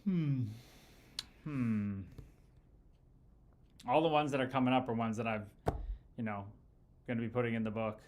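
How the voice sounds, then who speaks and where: This man's mid-range voice is a little slow and slightly mellow, with long pauses and a bit of hiss or hum. A podcast host and ex-pro hockey player, he chats casually with livestream viewers, telling meandering, foul-mouthed hockey stories full of fillers and false starts.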